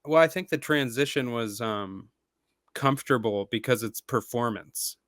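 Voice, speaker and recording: A man, a rapper and stage actor, talking casually as a podcast guest, animated and full of "like" fillers. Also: medium pitch, normal speed, no echo.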